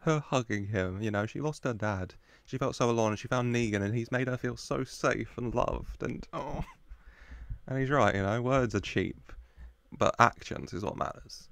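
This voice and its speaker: A man's voice: medium pitch, normal speed, gravelly, a bit bright, clear, resonant tone, no echo. A man hosting a reaction video, chatting casually and laughing often as he gushes over the characters. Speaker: reaction channel host.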